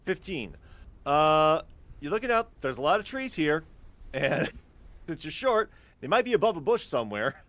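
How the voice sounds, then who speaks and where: A man narrating a tabletop game as game master, with a fairly high voice that moves around a lot. He sounds laid-back and chuckles now and then as he describes the scene. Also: big pitch swings, moderate pace, a bit bright.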